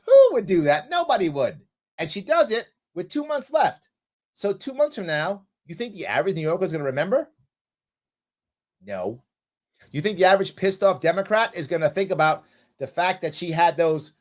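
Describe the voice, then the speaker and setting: A man hosting a live political show, delivering a combative, sarcastic monologue full of scolding rhetorical questions. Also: fairly high pitch.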